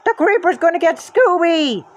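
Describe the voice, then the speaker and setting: A storybook reader voicing a jittery, cowardly young man who whimpers and yelps in a high, frantic voice. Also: animated, moderate pace, a little hiss or hum. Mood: panicked.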